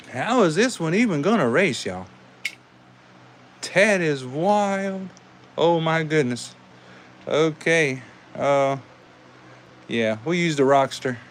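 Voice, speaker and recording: A man's voice: medium pitch, vocal fry, a little hiss or hum. A man with a Southern US accent, hosting a live toy car race and giving casual, folksy commentary. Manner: folksy, drawn-out, says "y'all". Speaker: host racing toy cars.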